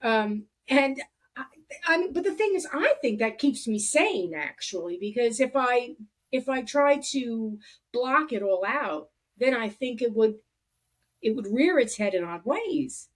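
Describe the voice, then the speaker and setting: A woman hosting a podcast, talking in a reflective, halting way with many restarts. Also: on the high side, sing-song. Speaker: podcast host. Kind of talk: casual conversation.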